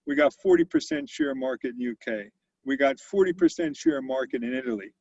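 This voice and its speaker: A man's voice: medium pitch, huge pitch swings, fairly quick, vocal fry, a little mellow, dry recording, muffled recording. An older man who founded a company tells stories as a guest in an interview and acts out the quotes with animation. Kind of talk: storytelling interview.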